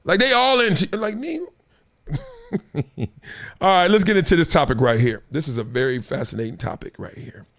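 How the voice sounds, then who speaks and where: A man's voice: fairly high pitch, moderate pace, gravelly, pauses often. A middle-aged man hosting his own show, chatting casually with his audience, laughing and acting out voices. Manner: animated, acts out voices, laughs often. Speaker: show host. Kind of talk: casual chat to a live audience.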